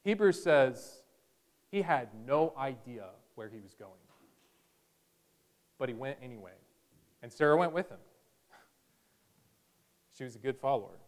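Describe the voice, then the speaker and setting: A man's voice: medium pitch, expressive, unhurried, long pauses. A male pastor preaching a sermon in a conversational way, with bursts of energy.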